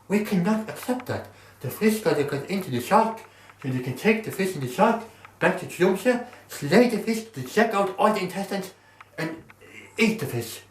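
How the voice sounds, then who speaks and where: Brief: man as strict northern Norwegian guy, Norwegian accent, insistent lecturing, roomy room tone. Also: a little high. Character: stern proud man from northern Norway. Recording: roomy, distant mic, faint noise.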